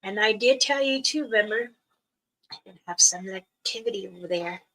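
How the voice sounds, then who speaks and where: An older woman, a spiritual elder, talking casually to her viewers in a slow, soft, halting way with many pauses. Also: medium pitch, poor audio. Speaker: spiritual elder and channel host.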